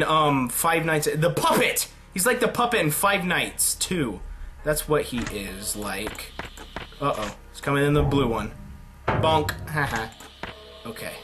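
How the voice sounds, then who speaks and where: A man giving excitable let's play commentary on a horror game, yelping and shrieking when startled. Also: a little high. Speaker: gaming commentator. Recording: game music behind the voice.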